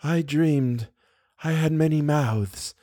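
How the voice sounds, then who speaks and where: A bleary old man speaks in a small, breathy voice, as a male narrator acts him out. The voice sits higher and quieter than the teller's own. It sounds puzzled and half-awake. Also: takes it slowly, no echo, clean studio sound.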